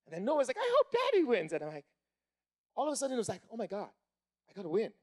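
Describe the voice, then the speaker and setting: A man in his thirties telling an animated stand-up story to a live crowd, building up to shouting when excited. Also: sits high, rapid-fire. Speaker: stand-up comedian.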